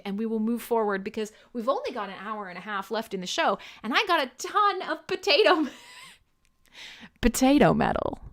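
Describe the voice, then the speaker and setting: A woman hosts a live internet radio show in a casual, irreverent way, swearing freely and breaking into laughter. Her voice sits a bit high and swings widely in pitch. The tone is bright and sharp. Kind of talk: casual live-stream chat.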